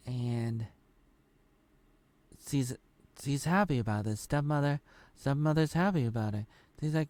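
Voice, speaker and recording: A man's voice: medium pitch, a little slow, pauses often, darkish tone, no room sound. A man giving a casual spoken recap of a show's episodes, rambling loosely and restarting his sentences often. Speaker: show reviewer.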